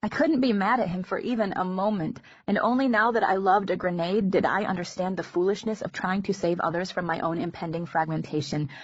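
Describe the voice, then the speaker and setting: A woman narrating an audiobook in a measured, intimate first-person reading. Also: fairly low pitch, fairly even intonation, slightly rough, no echo. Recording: dull lo-fi recording.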